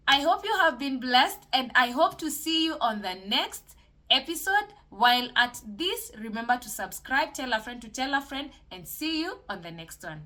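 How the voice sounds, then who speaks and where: A woman's voice: high voice, very animated, moderate pace, pushed and bright. A woman hosting a solo podcast, talking casually and encouragingly about mental health and faith, with many fillers and restarts. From Kenya.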